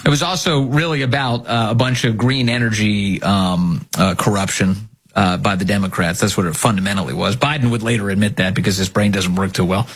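A man's voice: lowish voice, fairly quick, husky. A man giving casual, mocking political commentary, laughing at his own jokes.

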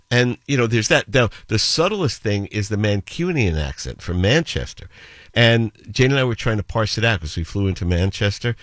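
A man's voice: fairly low pitch, expressive, fairly quick, fairly bright tone, no echo. A man in his seventies hosting a radio show, chatting with listeners and telling stories with playful accent imitations. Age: 70s. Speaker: radio host. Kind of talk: radio show chat with listener shout-outs and anecdotes.

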